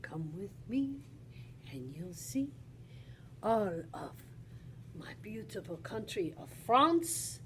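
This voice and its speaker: A woman voicing a gentle, proud male French painter, speaking softly with a put-on French flavor. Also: medium pitch, very animated, slow, pauses often, a little hiss or hum, voice pushed down, exaggerated voice. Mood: gentle, inviting.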